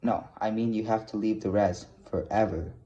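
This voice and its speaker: A man reading aloud as an earnest middle-aged male teacher, speaking low and intently on a dull lo-fi recording. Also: fairly even intonation, normal speed, warm tone, slight background noise, lightly acted. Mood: urgent.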